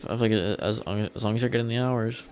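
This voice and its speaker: A man's voice: fairly low pitch, fairly even intonation, rapid-fire, darkish tone, soft background music. A young man casually chatting with viewers while he plays a game on a livestream, rambling loosely and swearing now and then. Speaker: streamer. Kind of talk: casual gameplay livestream chat.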